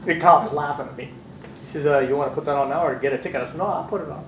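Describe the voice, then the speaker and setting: A middle-aged man from California, an instructor who tells lively stories in class, acting out voices and swearing casually. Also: fairly high pitch, racing, slight background noise. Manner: animated storyteller, acts out voices, swears casually. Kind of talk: anecdotes in a class. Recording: echoey room, distant mic.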